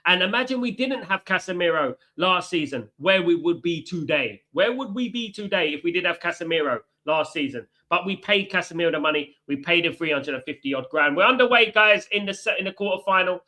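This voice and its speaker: Bright-voiced man ranting about football. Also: on the high side, expressive, brisk, hardly any pauses. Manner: chatty, shouts out viewers, fired-up football ranting. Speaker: watchalong host. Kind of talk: live stream chat with viewers. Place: indoors, hot room in Italy.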